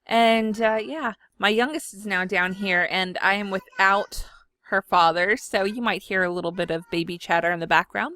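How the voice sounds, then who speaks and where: A woman chats through a software demo from home. She rambles in a friendly, self-deprecating way and laughs at herself often. Her voice sits at an ordinary pitch and sounds close and dry on the mic. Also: fairly even intonation, normal speed, dry recording. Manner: chatty, self-deprecating, giggly. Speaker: scrapbooking video host. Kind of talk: casual chat while demonstrating software. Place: home room.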